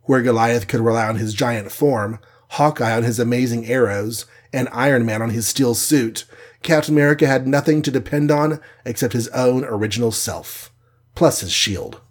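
A man's voice: mid-range voice, moderate pace. A man narrating a superhero adventure aloud in a dramatic storytelling manner. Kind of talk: audiobook narration.

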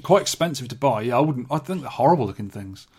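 A man's voice: mid-range voice, animated, fast talker, a little mellow, slightly rough. An English man co-hosting a podcast, rambling in a dry, offhand way about arcade joysticks. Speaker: podcast co-host. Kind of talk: casual chat about arcade hardware.

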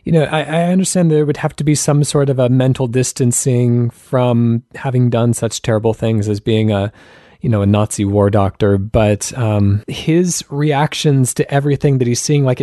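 A man co-hosting a podcast, talking casually with frequent pauses and restarts. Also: medium pitch, warm tone, no room sound, studio quality. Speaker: podcast co-host. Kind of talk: casual chat.

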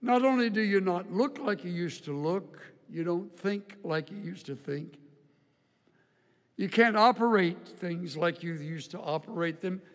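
A man's voice: high voice, unhurried, in a large hall. An older man preaching a sermon, folksy and humorous, often repeating words as he tells stories. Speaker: pastor. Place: church auditorium.

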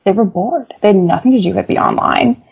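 Woman journalist guest, gravelly fry, lower voice, casual storyteller, muffled remote recording. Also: brisk. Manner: animated, laughs often, many fillers.

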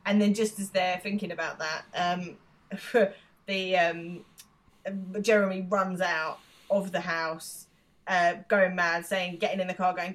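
Woman podcast co-host, low-set voice, laughs a lot while retelling scenes. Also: flat delivery, a little slow, fairly bright tone. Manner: laughs often, acts out quotes. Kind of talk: casual chat recapping a show.

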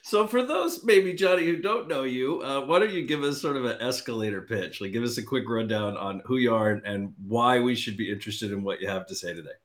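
A man's voice: mid-range voice, a little fast, hardly any pauses. A man hosting a podcast, upbeat and teasing in casual banter. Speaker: podcast host.

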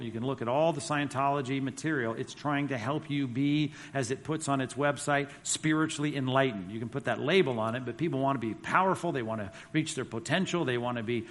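A man teaching a church class with slides, in a conversational, emphatic way. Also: medium pitch. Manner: conversational, emphatic, reads quotes aloud. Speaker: Bible teacher. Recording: long reverb of a hall.

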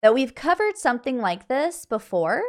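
A woman's voice: high-pitched, sing-song, normal speed. A woman co-hosting a podcast in casual chat, asking questions and giving short agreeing replies. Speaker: podcast co-host.

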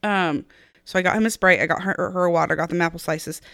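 A woman in her thirties co-hosting a podcast, telling a family story in an animated way. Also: on the low side, quick pace, no room sound. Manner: animated, telling stories with acted-out quotes. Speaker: podcast co-host. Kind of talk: casual storytelling.

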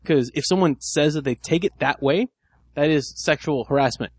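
A man chatting casually on a podcast, an animated storyteller. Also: normal speed, breathy edge, dry recording, studio quality. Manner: animated storyteller who mimics people in high squeaky voices. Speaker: podcast co-host. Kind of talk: casual chat.

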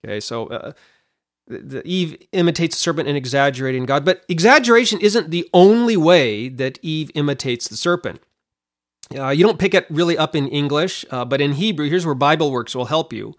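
Lively man teaching a Bible passage. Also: on the high side, fairly quick. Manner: animated, explanatory, repeats words while thinking.

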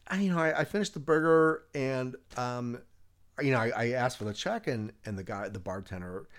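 A man's voice: medium pitch, moderate pace. Guy rambling thru a story, lots of you know and like, laughing along. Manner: rambling, many restarts and 'you know'; laughs while telling. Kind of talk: casual storytelling.

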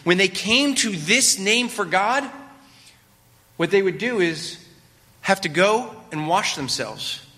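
Male pastor, high bright voice, conversational preaching, hall reverb. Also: lively intonation, takes it slowly. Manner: conversational teaching, asks the audience questions. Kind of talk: sermon.

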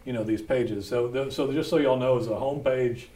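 Hosting a podcast, a man with a warm, medium-pitched voice speaks a little fast as he tells blunt, folksy stories about founding his company, laughing often in casual conversation.

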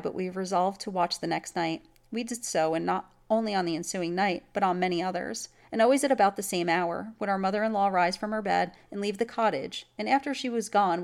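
A woman reads a classic tale aloud in a measured, even manner. Her voice has a gravelly fry to it. The delivery stays steady throughout. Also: mid-range voice. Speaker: story reader. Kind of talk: audiobook story narration.

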